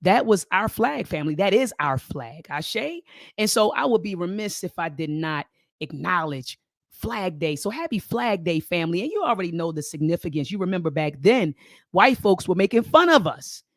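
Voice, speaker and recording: Lively woman hosting a live stream. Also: fairly low pitch, moderate pace, dry recording, clean studio sound. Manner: lively, repeats phrases, addresses viewers as family. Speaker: host.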